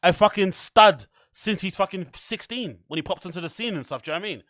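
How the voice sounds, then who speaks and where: A young man hosting a podcast, chatting casually in a rambling, animated way, full of fillers and swearing. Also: sits high, fast, a crowd in the background. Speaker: podcast host. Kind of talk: casual chat.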